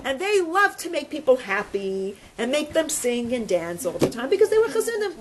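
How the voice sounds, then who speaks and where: A woman giving a storytelling religious lesson to a group, animated and asking questions. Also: sits high, normal speed. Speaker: religious teacher. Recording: noisy room recording.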